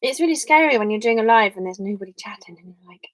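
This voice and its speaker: A woman's voice: fairly high pitch, expressive, fast talker, dry recording, poor audio. Chatty English woman on a live stream. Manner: chatty, rambling, thinks aloud while reading comments. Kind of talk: casual live-stream chat. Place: home office.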